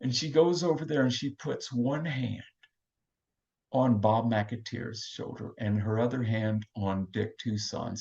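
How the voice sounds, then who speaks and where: A man's voice: on the low side, steady tone, unhurried, vocal fry, darkish tone. An older man gives a passionate, emotional storytelling talk as a recovery meeting speaker. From Texas. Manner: passionate, emphatic. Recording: dull lo-fi recording.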